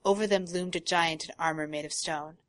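A woman co-hosting a casual talk show, reading a long passage from a novel aloud and breaking off for quiet asides. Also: on the low side, steady tone, brisk, no room sound. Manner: reads prose steadily, drops to quiet asides. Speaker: podcast co-host.

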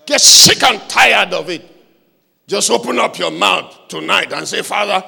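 A male preacher delivering a fervent revival sermon, shouting repeated calls for the congregation to pray aloud. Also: sits high, expressive, a little slow, creaky, slightly rough. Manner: fervent, repetitive exhortation.

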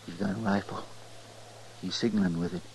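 An actor playing a folksy, simple-hearted deputy sidekick who chatters worriedly in ungrammatical country speech, in 1950s radio drama style. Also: male voice, low-pitched, steady tone, a little fast, creaky, darkish tone, a little hiss or hum, poor audio. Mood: wistful.

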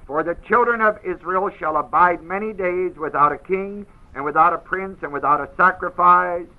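A man's voice: a little high, moderate pace, phone-quality sound. A man teaching a Bible class. He reads verses with heavy emphasis and keeps putting questions to his listeners.

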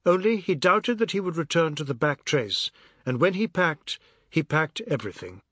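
A man's voice: fairly high pitch, animated, fairly bright tone, dry recording. Man reading an audiobook aloud. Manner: measured storytelling. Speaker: narrator. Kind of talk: audiobook narration. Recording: dry close studio sound.

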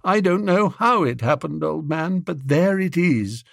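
A man voicing a lovesick young gentleman who talks earnestly and anxiously. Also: a little high, lively intonation, a little slow, gravelly, no echo, studio quality, voice pushed up, heavily acted. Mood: fretful. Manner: earnest, fretful, pleading.

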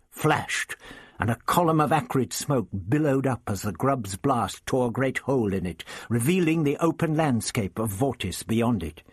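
A male audiobook reader with a husky, slightly breathy tone and a lively, rising-and-falling delivery. He tells the story dramatically in a dry, close recording without room sound. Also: medium pitch, no room sound. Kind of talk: scripted narration of a science fiction novel.

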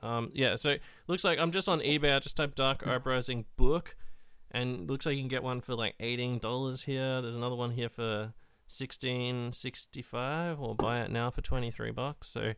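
A podcast co-host rambles through a casual hobby chat, using lots of fillers and swearing. His medium-pitched voice is steady, fairly bright, clear, and resonant at a moderate pace, recorded dry in a clean studio.

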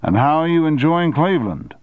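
A man voicing a powerful middle-aged male newspaper tycoon who speaks briskly and with authority. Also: fairly high pitch, very animated, dry recording, narrow, tinny audio, pitched above the performer's own voice.

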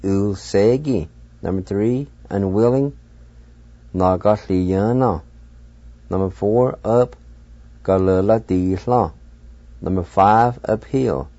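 A man hosting a radio language lesson, patiently spelling out words letter by letter and pronouncing each one slowly. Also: fairly low pitch, warm tone, no echo, lo-fi sound. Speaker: radio language teacher and host.

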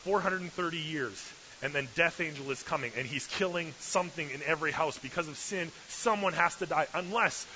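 A man preaching a sermon as pastor, retelling a story in a lively way and asking the listeners questions. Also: on the high side, brisk. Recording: slightly dull recording with faint hiss.

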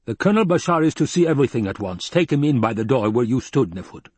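A man reading an audiobook and voicing a scheming, gluttonous baron, speaking slowly and coldly. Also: lively intonation, a little mellow, husky, no room sound. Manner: slow, low, cold and calculating. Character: scheming, gluttonous male baron, cold and wary.

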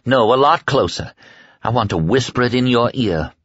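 A man's voice: animated, normal speed, no room sound, highs cut off, close to an everyday voice. A man reading an audiobook, voicing a terrified, desperate woman in a raised, frantic voice. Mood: scheming. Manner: frantic, pleading, higher voice.

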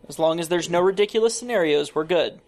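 A man co-hosting a podcast in a relaxed, casual exchange. He pauses on fillers as he thinks aloud. Now and then he drops a dry joke. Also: on the high side, slight background noise. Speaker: podcast co-host. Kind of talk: casual comedic chat.

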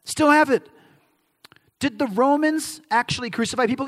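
Male pastor, sermon, high and lively voice, rhetorical questions, long hall echo. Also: normal speed. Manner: animated, acts out quoted voices, emphatic questions and answers.

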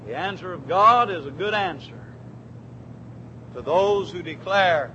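A man preaching a sermon in a church, fervent, swinging from quiet, drawn-out words to shouted declarations. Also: high-pitched, dull audio, a little hiss or hum.

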